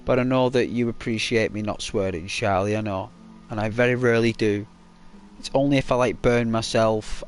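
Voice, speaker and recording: A man streaming a game and chatting casually to viewers, rambling with lots of fillers. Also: lowish voice. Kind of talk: casual live-stream chat.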